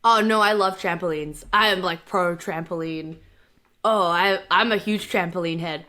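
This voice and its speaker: A woman's voice: lowish voice, normal speed, sharp tone. An Australian woman, a podcast guest, chatting casually and animatedly, with many likes and restarts and frequent laughter. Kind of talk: casual chat.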